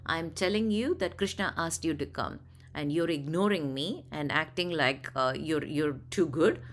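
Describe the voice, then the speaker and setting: Storybook eagle mount, male, proud and quick to anger, boastful talk, low voice, as a woman reads him. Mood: indignant. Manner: boastful, then indignant.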